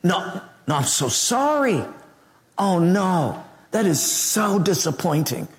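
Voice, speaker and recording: A woman's voice: lowish voice, big pitch swings, slow. A man imitating a chatty older woman talking on her cell phone, gushing and then dismayed, in a big echoing hall.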